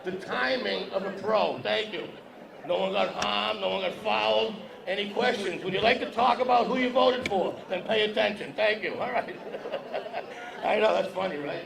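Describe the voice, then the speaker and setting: A man whose voice sits high and carries vocal fry speaks at normal speed. He's on an event hall stage with a podium, doing stand-up and jokingly needling the crowd in a brash way. The hall echoes and the audience can be heard.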